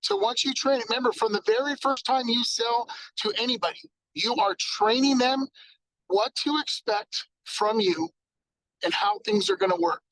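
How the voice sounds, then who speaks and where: A man giving an energetic sales training talk, acting out exchanges with customers. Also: extremely high pitch, moderate pace, no echo, low-quality recording.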